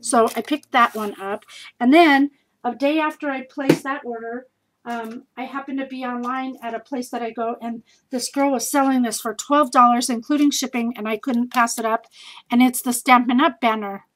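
A woman's voice: fairly high pitch, fairly even intonation, fairly bright tone, rough recording. Gushing woman showing off craft supplies. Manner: bubbly and gushing, with many fillers and quick asides. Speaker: scrapbooking vlogger showing a craft haul. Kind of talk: casual haul video chat.

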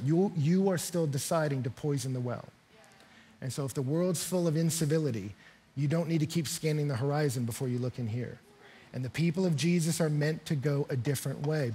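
A pastor preaching a lively sermon, telling stories and asking rhetorical questions. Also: male voice, fairly high pitch, husky. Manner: animated storytelling with rhetorical questions. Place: large church hall.

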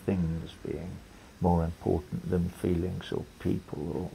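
A man's voice: deep voice, little pitch movement, unhurried, creaky, mellow, a little hiss or hum, rough recording. An older man, telling a long story as an interview guest, rambling with restarts and quoted lines. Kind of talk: relaxed storytelling conversation.

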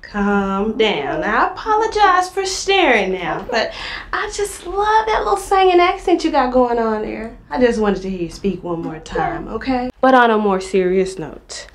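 Sassy cop woman, slow drawl, fairly high. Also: sing-song. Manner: sassy, drawn out. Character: sassy female police officer. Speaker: officer.

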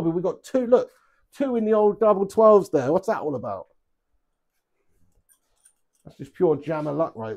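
This man's voice sits on the high side with a darkish tone as he plays darts live at home. He chats with his viewers, reads their messages aloud, jokes, swears without restraint and laughs a lot.

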